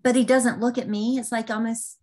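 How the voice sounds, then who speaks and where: A woman's voice: on the high side, steady tone, brisk, darkish tone, poor audio. A woman co-hosting a podcast, telling a story in a chatty way with lots of ums and restarts. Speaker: podcast co-host. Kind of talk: casual storytelling.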